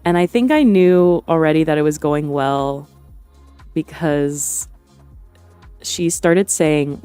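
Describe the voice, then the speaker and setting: Young woman streamer, slow and mellow, hesitant and rambling, dry close mic with faint music under her. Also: sits low, clear, resonant tone, no echo. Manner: rambling and hesitant, many fillers and restarts, laughs often. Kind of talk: casual livestream chat.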